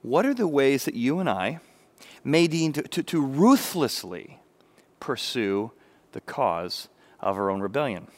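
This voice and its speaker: A man's voice: mid-range voice, a little slow. A middle-aged man preaching a sermon, acting out the people in the story. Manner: animated, acts out biblical speakers with raised voice. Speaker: pastor.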